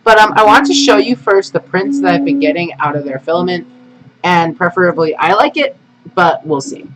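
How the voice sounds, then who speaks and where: A man's voice: sits high, animated, moderate pace. A man hosting a casual live stream, rambling, humming and muttering to himself as he sets up. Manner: rambling, hums and mutters while setting up. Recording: noisy home stream audio.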